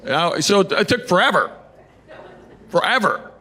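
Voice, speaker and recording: A man's voice: sits high, big pitch swings, unhurried, sharp tone. Man telling stand-up stories. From Knoxville, Tennessee. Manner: easygoing storytelling, bantering with the audience. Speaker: stand-up comedian. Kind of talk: stand-up comedy set. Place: comedy stage before a live audience. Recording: live show with audience noise.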